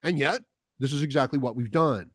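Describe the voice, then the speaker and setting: A man's voice: mid-range voice, brisk, a bit bright, slightly rough, dry recording. A man hosting a heated, profane commentary monologue, mocking the voices he quotes. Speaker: political commentary host. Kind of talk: casual monologue.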